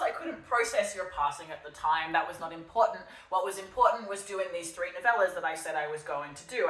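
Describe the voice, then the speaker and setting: Recorded from a distance with a roomy sound, a young woman from Australia talks through her solo podcast monologue as if to an absent listener. Her low, slightly bright voice carries a sardonic, darkly self-mocking edge.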